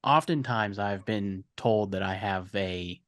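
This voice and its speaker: A man's voice: on the low side, slow pace, a bit bright, dry recording. Male podcast host, Ohio-raised, dry close sound, meandering questions. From Ohio, USA. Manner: long winding questions with restarts. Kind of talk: casual interview chat.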